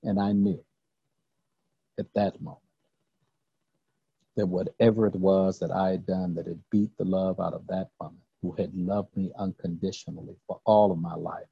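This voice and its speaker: In a flat delivery, an older recovery speaker with a deep, husky, gravelly but mellow voice shares his earnest testimony in halting phrases he keeps repeating. The recording is dry and a bit dull, with no room sound.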